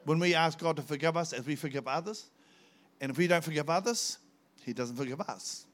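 A man's voice: on the high side, a little fast. A man preaching a testimony sermon, telling his story fervently and rising to emphatic peaks.

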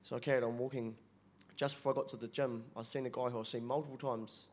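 A man's voice: medium pitch, level tone, quick pace. A man from the congregation, telling a story in a chatty, laughing way. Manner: chatty, laughing, says brother a lot. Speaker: church member asking a question. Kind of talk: casual storytelling.

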